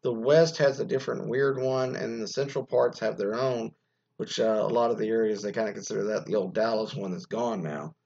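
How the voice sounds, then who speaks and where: A man with a low, gravelly voice chats loosely and crudely, wandering off on tangents and filling the gaps with ums and you-knows. His delivery is joking and unpolished. The recording sounds dull and lo-fi. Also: fairly even intonation, brisk, darkish tone. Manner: rambling, crude, joking, with many fillers. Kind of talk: casual chat.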